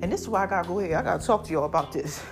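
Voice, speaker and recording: A middle-aged woman in a casual motivational vlog, chatty and animated, repeating catchphrases, her voice a little deepened by allergies. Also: very fast, soft background music. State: voice a bit deep from allergies. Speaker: online personality talking to followers.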